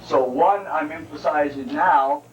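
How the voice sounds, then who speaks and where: A man's voice: a little high, unhurried. A male karate instructor at a seminar, demonstrating techniques and often checking that his students follow. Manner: explanatory, keeps checking in with listeners. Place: training hall at a seminar. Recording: distant, roomy, noisy 1989 seminar recording.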